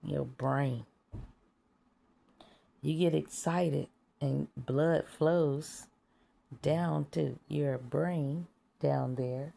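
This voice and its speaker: A woman's voice: deep voice, steady tone, extremely slow, creaky, pauses often, mellow. A woman in a casual spiritual monologue, talking bluntly and profanely, laughing at her own jokes and sometimes dropping to a whisper. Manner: drops to whispers at times. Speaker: vlogger.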